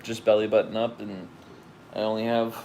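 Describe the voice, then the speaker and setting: A man's voice: on the low side, flat delivery, normal speed, warm tone, slight background noise, rough recording. A young man co-hosting a casual live stream, speaking in a laid-back, hesitant way.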